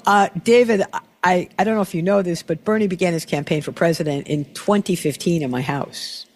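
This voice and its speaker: A middle-aged man hosting an interview, telling stories in a lively, restarting way. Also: high-pitched. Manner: storytelling, animated with frequent restarts. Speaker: talk show host. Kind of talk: casual conversational interview.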